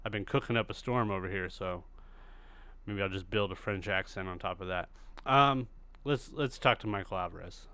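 A man's voice: low voice, normal speed, noisy background. A man hosting his podcast in casual chat, rambling and loose, swearing freely. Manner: rambling, loose and profane, with many fillers. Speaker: podcast host.

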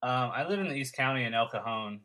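A man's voice: mid-range voice, lively intonation, quick pace, pushed and bright, poor audio. A man hosting a podcast, talking in a friendly, chatty way with lots of restarts. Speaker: podcast host. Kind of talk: casual interview chat.

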